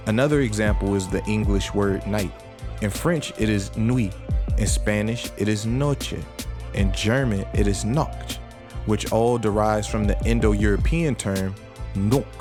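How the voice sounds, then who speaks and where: A man narrating a documentary script in an even, explanatory way. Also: on the low side. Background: music.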